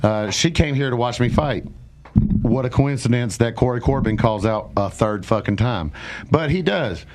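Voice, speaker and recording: Man, fighter guest, profane trash talk, mid-pitched voice, casual podcast. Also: normal speed, darkish tone.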